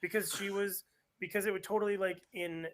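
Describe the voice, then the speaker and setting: A man, a comedian guest, telling animated stories in casual chat. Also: high voice, a little fast. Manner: animated storyteller, acts out quoted voices.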